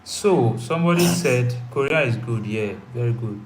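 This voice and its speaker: A man's voice: medium pitch, lively intonation, normal speed, over music, rough recording. A Nigerian man with a Nigerian accent co-hosting a casual livestream from home, joking and bantering in pidgin. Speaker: livestream co-host. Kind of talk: casual live chat. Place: home during a power cut.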